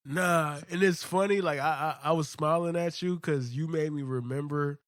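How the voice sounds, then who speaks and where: A young adult man hosting a podcast, telling a childhood story in slangy, animated casual talk. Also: a little high, moderate pace, dry recording, studio quality. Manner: animated storyteller, slangy, says "bro" often. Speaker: podcast host.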